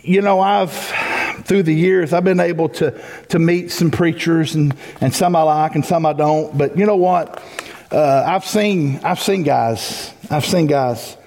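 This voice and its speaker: A man's voice: on the high side, darkish tone. A man preaching a folksy sermon as pastor, building to emphatic peaks. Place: church sanctuary. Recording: long hall reverb.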